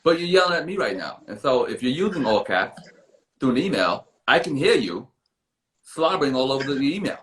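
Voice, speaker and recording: A man's voice: medium pitch, very animated, fairly quick, fairly bright tone, echoey room, slight background noise. A man voicing a smug, laid-back male music mogul who lectures in a patronizing, rambling way. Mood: lecturing.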